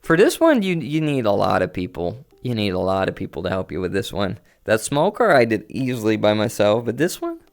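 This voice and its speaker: Talking a little fast with few pauses, a man with a lowish voice swings his pitch widely. He rambles casually with his stream chat from a home setup while in VR, faint music in the background.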